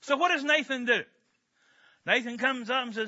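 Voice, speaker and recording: Pastor guy preaching, joking around and chatty, high very bright voice, dull lo-fi recording. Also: moderate pace, long pauses. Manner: animated, joking, conversational. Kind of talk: sermon.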